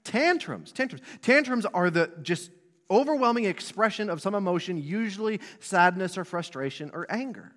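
A man's voice: high-pitched, lively intonation, moderate pace, fairly bright tone. A man in his thirties preaching a sermon to a church congregation, conversational and asking the room questions. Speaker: pastor. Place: church sanctuary. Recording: long reverb of a hall.

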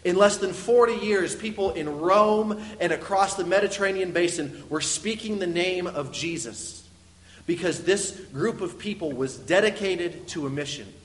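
A man's voice: high-pitched, normal speed. Man preaching in a reverberant hall. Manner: earnest, explanatory, with frequent uh fillers. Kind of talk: sermon. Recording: long reverb of a large hall.

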